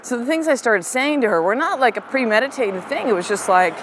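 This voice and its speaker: A middle-aged woman who hosts a podcast and works as a coach shares a personal story candidly and with animation, then softens and slows for calm affirmations. Her voice is on the high side, and there's background noise.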